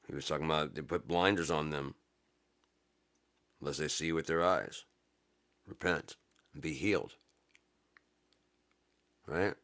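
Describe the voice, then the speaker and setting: Very deep-voiced man, middle-aged, casual religious monologue, slow scripture reading, blunt profane asides. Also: a bit bright. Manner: reads scripture slowly then riffs with blunt casual profanity. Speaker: religious commentator.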